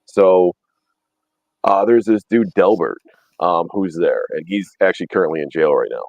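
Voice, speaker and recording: A man's voice: low voice, normal speed, creaky, a little mellow, dry recording, muffled recording. A man in his thirties telling rambling, profane stories in casual chat, laughing often. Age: 30s. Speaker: podcast host.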